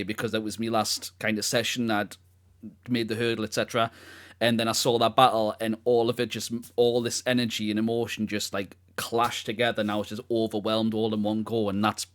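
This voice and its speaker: A man's voice: fairly low pitch, fairly bright tone. A young man, co-hosting a podcast, telling a personal story in a rambling, heartfelt way. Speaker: podcast co-host. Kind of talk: casual podcast chat.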